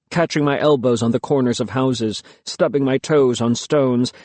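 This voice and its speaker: Free of any room sound, the recording features a man with a mid-range voice narrating a first-person audiobook. He tells the story with measured, expressive delivery.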